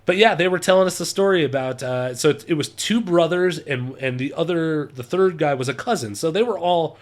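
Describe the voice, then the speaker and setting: Man vlogger, a bit high-pitched, laughs often while telling a trip story. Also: a little fast. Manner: chatty, laughs often, acts out quotes. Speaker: travel vlogger. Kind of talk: casual storytelling.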